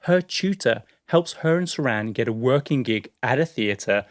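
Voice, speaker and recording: A man telling a story on a podcast, easy and chatty. He laughs often and drops casual fillers as he goes. His voice sits at a middle pitch and sounds dry and close. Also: lively intonation, moderate pace, no room sound. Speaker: podcast co-host.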